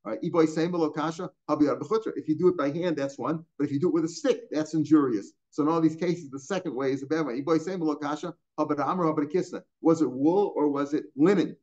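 Older man teaching Talmud, high-ish voice. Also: fast talker, hardly any pauses, warm tone, muffled recording. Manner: casual, chuckling asides, mixes Hebrew and Aramaic terms. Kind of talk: line-by-line Talmud class.

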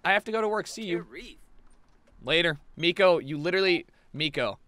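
A young man riffing loosely over a life-sim game in a bright, edgy voice that swoops high and low. He is excitable, curses freely and bursts into shouts at the screen. Faint game music plays underneath. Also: normal speed, no room sound. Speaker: gaming video host. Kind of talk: casual let's-play commentary.

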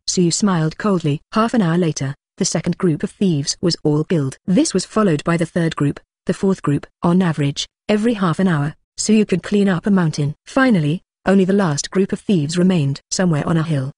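A synthetic-sounding narrator reading a translated novel in an even, uninflected way. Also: mid-range voice, a little fast, few pauses, dry recording. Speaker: audiobook narrator. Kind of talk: scripted narration.

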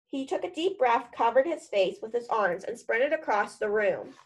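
A woman's voice: a little high, animated, moderate pace, hardly any pauses, poor audio. A woman reading a children's novel aloud in a casual storytelling manner. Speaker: reader.

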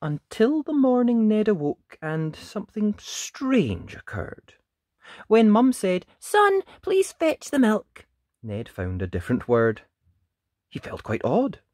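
A man reading a rhyming picture book aloud, in a lively sing-song storytelling manner. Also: high-pitched, takes it slowly, dry recording, studio quality. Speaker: storybook reader.

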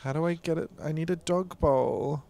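This is casual gameplay commentary from a young drag queen let's play host who swears freely and chats as he plays a life-sim game. He speaks at a normal speed in a higher-than-average voice with fairly even intonation and vocal fry, and there's heavy background noise.

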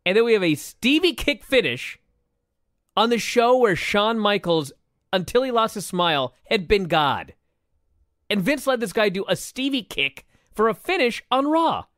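A man with a high, lively voice, chatting casually on a podcast. He sounds exasperated and animated, laughing and cursing often. The sound is dry and close. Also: moderate pace, dry recording. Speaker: podcast co-host. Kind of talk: casual chat reviewing old wrestling.

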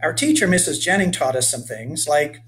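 A man's voice: fairly high pitch, expressive, moderate pace, fairly bright tone, slight background noise. A man voicing an earnest ten-year-old boy in a children's story reading. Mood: thoughtful.

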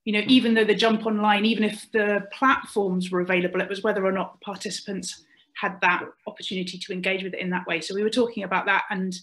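A woman's voice: mid-range voice, flat delivery, fast talker, fairly bright tone, rough recording. Hesitant woman reporting back on a call. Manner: hesitant, many fillers and restarts. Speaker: webinar participant reporting back. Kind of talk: casual spoken group report. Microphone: video call.

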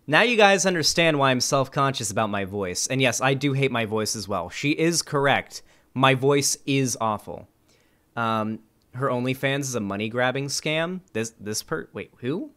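A man's voice: mid-range voice, normal speed, clean tone. A young man streaming, reading online comments aloud and reacting with casual, sarcastic commentary and frequent swearing. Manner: sarcastic, animated, swears freely.

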